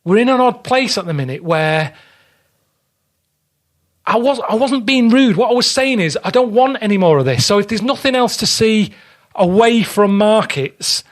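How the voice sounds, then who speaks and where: A man's voice: high-pitched, animated, moderate pace. A man telling a story in a blunt, grumbling way, acting out the people in it, in casual chat. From England. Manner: blunt, grumbling storyteller, acts out quoted exchanges. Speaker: podcast guest.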